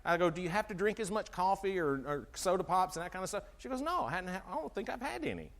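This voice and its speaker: A middle-aged man giving an animated health talk to an audience, asking them questions and acting out conversations. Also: high voice, fast. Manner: animated, asks the audience questions, acts out dialogue. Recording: long hall reverb from a live talk.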